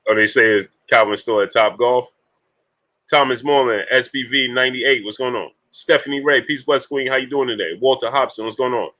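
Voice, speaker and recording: Casual male livestream host, bright forceful voice, breaks off to shout out chat viewers. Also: mid-range voice, fairly quick, low-quality recording. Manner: greets viewers by name between points, many fillers. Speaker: boxing talk livestream host.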